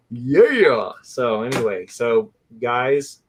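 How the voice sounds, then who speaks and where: Excitable rambling barbecue show host man. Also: mid-range voice, slight background noise. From California. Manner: excitable, rambling, says "dude" a lot. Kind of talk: casual live-stream chat.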